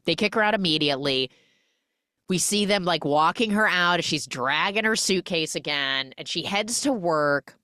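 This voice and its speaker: A woman hosting a podcast, chatty and animated as she recaps a film and acts out the characters' lines. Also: on the low side, moderate pace, no echo, studio quality. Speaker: podcast host.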